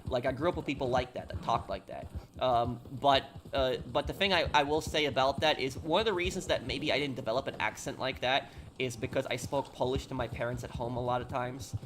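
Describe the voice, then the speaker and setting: A man's voice: mid-range voice, brisk, hardly any pauses, fairly bright tone, slight background noise. A young man from New York City, chatting casually while streaming a game and answering viewer questions off the cuff. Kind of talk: casual live-stream chat.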